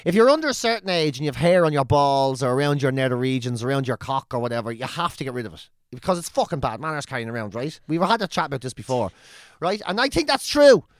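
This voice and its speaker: A man's voice: medium pitch, sing-song, fast, no room sound, clean studio sound. A man in his forties with an Irish accent, talking in a sweary, joking casual chat as a podcast co-host. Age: 40s.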